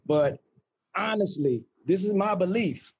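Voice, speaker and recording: A man's voice: high voice, lively intonation, measured pace, a little mellow, slight background noise. A man hosting a podcast, talking emphatically and with plenty of profanity in casual chat. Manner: emphatic, profane, argues his point. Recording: muffled lo-fi recording.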